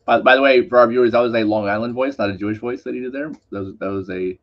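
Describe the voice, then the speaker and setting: A man's voice: mid-range voice, fairly even intonation, racing. A man co-hosting a casual talk show, joking and chiming in with teasing remarks. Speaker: co-host. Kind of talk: casual podcast chat. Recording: dull lo-fi sound.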